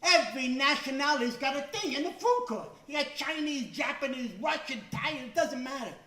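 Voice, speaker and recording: A middle-aged man does a stand-up set, telling chatty, self-mocking stories and slipping into little voices. His voice sits very high and sounds bright and forceful. He sounds a little far from the mic, in an echoey club. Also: lively intonation, a little fast. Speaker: stand-up comedian. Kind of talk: stand-up comedy routine. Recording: echoey stage sound from a distance.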